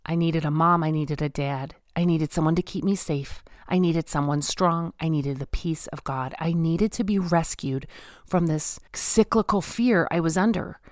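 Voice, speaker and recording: A woman with a lowish voice tells her faith story in an earnest, emphatic way, often repeating phrases for weight. She speaks straight to her listeners. The sound is close and dry, with no room echo. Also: fairly even intonation, moderate pace. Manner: addresses listeners directly. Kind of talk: personal testimony talk.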